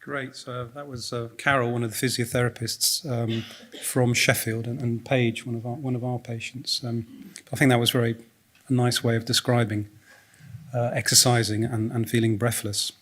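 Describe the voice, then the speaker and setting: A man gives a talk at a medical conference, his voice mid-pitched and ordinary. He pauses often, restarting his phrases and filling gaps with hesitant sounds. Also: flat delivery, fairly bright tone. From United Kingdom. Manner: hesitant, many fillers and restarts, light laughs. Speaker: doctor giving a conference talk. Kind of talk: conference presentation. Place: conference hall.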